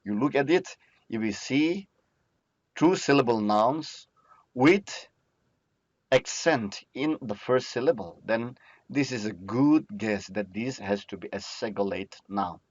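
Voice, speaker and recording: Slow-spoken male grammar teacher. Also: medium pitch, animated, dry recording, highs cut off. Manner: repetitive, checks in with "okay?". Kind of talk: recorded grammar lecture.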